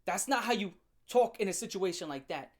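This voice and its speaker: A man delivering a casual, profane reaction rant as an online commentator, mocking and swinging from loud bursts to low muttering. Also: animated, a little fast.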